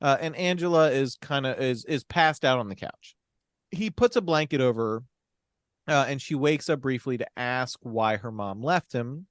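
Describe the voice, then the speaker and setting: A man's voice: medium pitch, moderate pace, dry recording, studio quality. A man co-hosting a casual film podcast, talking emphatically with swearing and laughs while recapping a plot. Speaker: podcast co-host.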